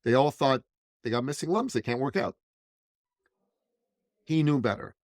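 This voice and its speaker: A man's voice: medium pitch, lively intonation, normal speed, a little mellow, dry recording. Emphatic male business coach, dry sound. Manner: emphatic, punchy repetition. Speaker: guest, business coach and speaker. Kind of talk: animated storytelling in conversation.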